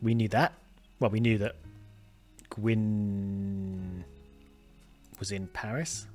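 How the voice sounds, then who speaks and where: A man's voice: lowish voice, flat delivery, very slow, a little mellow, soft background music. A man casually commenting on a detective game as he plays, thinking aloud with lots of fillers and restarts, chatty and self-mocking. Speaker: gaming video host. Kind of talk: casual let's-play commentary.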